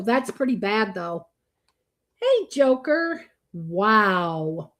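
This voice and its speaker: A woman's voice: a little high, slow pace, long pauses. A woman hosting a live reaction stream, greeting viewers by name and speaking bluntly, with frequent swearing and disgusted groans. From Florida. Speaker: livestream host. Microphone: streaming microphone.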